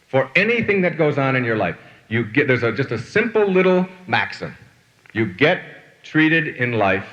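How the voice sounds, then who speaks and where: Animated man giving a motivational lecture. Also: medium pitch, big-room sound, muffled recording. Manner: storytelling with rhetorical questions. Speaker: motivational speaker. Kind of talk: lecture to an audience.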